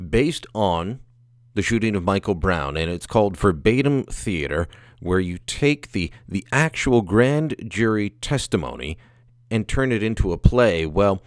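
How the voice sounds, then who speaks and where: Low-voiced male podcast host. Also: no room sound, studio quality. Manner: conversational, pointed questions. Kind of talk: interview.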